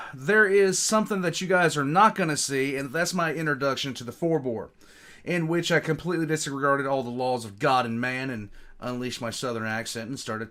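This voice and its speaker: A man's voice: mid-range voice, sharp tone. A man hosting a reaction stream, chatting casually and mocking himself with lots of filler words. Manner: rambling, self-mocking, many ums. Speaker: reaction channel host. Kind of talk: casual chat. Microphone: streaming mic.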